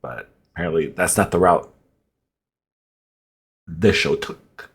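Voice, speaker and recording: A man's voice: deep voice, slow, a bit bright, slight background noise. A man hosting a reaction video, rambling, joking and interrupting himself as he comments.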